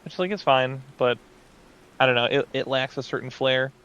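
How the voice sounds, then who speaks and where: A man's voice: medium pitch, moderate pace, a bit bright, clear, resonant tone, lo-fi sound. A man giving casual, rambling commentary while playing an online game, full of fillers and asides. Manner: rambling, chatty, many fillers. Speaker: gaming video host.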